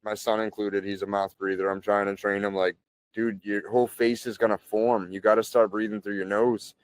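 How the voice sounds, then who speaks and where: A man in his thirties speaks in a low voice, recorded close and dry with no room sound. He tells stories in a loose, chatty way, full of fillers, and clears his throat now and then. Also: normal speed, dry recording. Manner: relaxed, chatty, frequent "like" and "you know". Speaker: podcast guest. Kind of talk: casual conversational storytelling.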